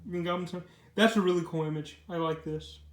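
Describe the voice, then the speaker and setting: A man's voice: a little high, fairly even intonation, brisk. A young man casually reviewing a comic book, rambling with lots of fillers and repeated words. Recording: echoey room.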